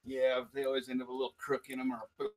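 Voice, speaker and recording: Man, co-host; brief off-mic asides, quiet, mid-pitched. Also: monotone, rapid-fire. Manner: short offhand interjections, quiet and off-mic. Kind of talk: casual live chat.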